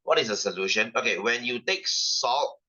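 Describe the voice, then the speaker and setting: A man's voice: mid-range voice, animated, normal speed, bright, forceful tone, husky, muffled recording. A young man with a Malaysian English accent, teaching a casual online science lesson, repeating lines and checking in with his students.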